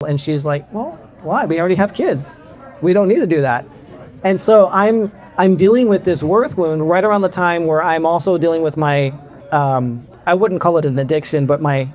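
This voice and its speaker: A middle-aged man speaking candidly to a convention audience, telling his own story. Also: fairly high pitch. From California. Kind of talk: personal talk to an audience.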